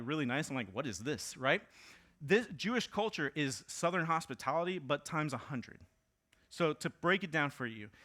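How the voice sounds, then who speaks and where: A man's voice: fairly high pitch, sharp tone. A man in his thirties preaching a sermon in a casual, conversational way, with fillers and asides, raising his voice to act out quoted lines. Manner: acts out quoted lines in a raised voice. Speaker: pastor.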